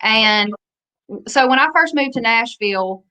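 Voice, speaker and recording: High, bright Southern country singer woman. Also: lively intonation, measured pace, clean tone. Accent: Louisiana Southern. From Louisiana. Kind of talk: casual interview chat.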